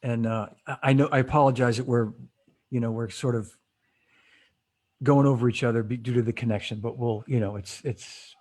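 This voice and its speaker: Mellow-voiced man hosting a video-call chat. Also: mid-range voice, steady tone, brisk. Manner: rambling storyteller, laughs often, many restarts. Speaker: host. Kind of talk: casual interview over a video call.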